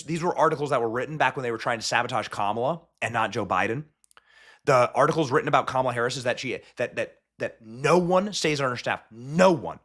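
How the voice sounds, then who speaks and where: A man hosting a political commentary show, mocking and sarcastic, talking in quick asides with frequent restarts. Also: medium pitch, pushed and bright. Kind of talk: fast opinionated political commentary.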